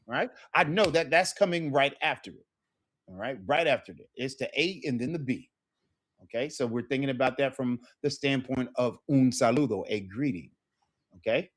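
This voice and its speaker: A man's voice: medium pitch, expressive, moderate pace. A middle-aged man teaching an online Spanish lesson, repeating phrases with rising emphasis.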